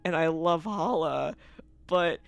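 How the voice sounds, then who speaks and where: A game streamer talking loosely to a live chat, swearing freely and breaking into laughs between complaints. The voice is smooth and clean, recorded close on a streaming mic in a dry space with no room sound. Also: medium pitch, slow, dry recording.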